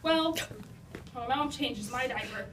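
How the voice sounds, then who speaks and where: A woman's voice: a little high, measured pace, fairly bright tone. A young woman telling funny stories about her own life to a live audience, self-deprecating and chatty, full of "like" and "you know.". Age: young adult. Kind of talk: humorous personal storytelling. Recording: roomy, distant mic, noisy.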